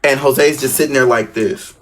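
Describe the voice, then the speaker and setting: A young man telling a long personal story in a relaxed, conversational way. He slips into the voices of the people he quotes, lifting his voice and slowing down for effect, then drops back into easy narration. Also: medium pitch. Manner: animated, acts out quoted voices. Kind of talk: casual storytelling.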